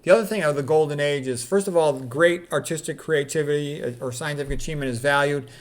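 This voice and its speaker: A man's voice: fairly high pitch, quick pace. A middle-aged man, a doctor, reading quotes aloud and commenting on them in a candid, casual way with plenty of fillers.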